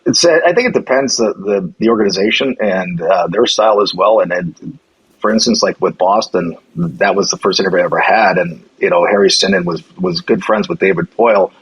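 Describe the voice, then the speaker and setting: A man's voice: deep voice, a little fast, husky, poor audio. A middle-aged man, a guest on a podcast, casually telling stories and acting out what others said, with lots of restarts. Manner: animated storyteller acting out quoted lines, many restarts. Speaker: former hockey general manager, guest. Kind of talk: casual chat, storytelling.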